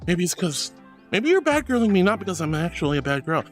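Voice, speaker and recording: A man's voice: high-pitched, sing-song, quick pace, faint music behind. A man streaming and casually chatting, reading viewer messages aloud and gushing over them with lots of honey and sweetie.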